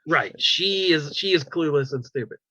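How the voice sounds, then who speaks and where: A man's voice: a little high, normal speed, bright, forceful tone, no echo. A man co-hosting a casual pop culture podcast, animatedly retelling a show with lots of "like"s and restarts. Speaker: podcast co-host. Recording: slightly dull, dry recording.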